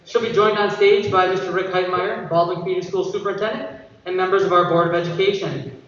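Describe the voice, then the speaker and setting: A man's voice: sits high, fairly even intonation, fast talker, a bit bright. Formal male announcer in a large hall. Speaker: ceremony announcer. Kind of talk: formal introductions. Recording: echoey hall from far, dull.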